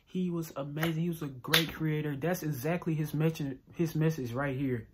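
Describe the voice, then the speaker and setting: A man giving casual reaction commentary to a song, talking in a halting, reflective way and often stopping to ask whether you follow him. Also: a little high, steady tone, very noisy. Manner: halting, reflective, repeats "you know what I'm saying". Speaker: reaction video creator.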